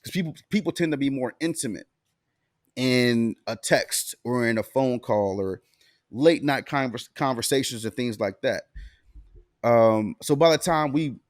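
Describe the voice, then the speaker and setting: Animated Alabama man, casual storyteller. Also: medium pitch, measured pace, no room sound, clean studio sound. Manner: laid-back, profane storytelling with laughs. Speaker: podcast co-host. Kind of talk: casual chat.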